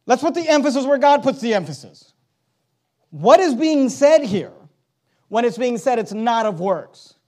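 A man with a very high voice delivers an emphatic sermon. He leans hard on key words and puts rhetorical questions to his listeners, pausing to read verses aloud. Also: big pitch swings, darkish tone. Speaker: preacher.

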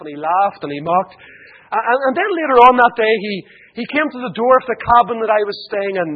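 Irish guy preaching, high voice, gets loud then goes soft and pleading, muffled lo-fi recording. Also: lively intonation, a little fast. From Ireland. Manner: fervent, rising to loud emphatic appeals and dropping to hushed pleading. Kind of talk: evangelistic sermon.

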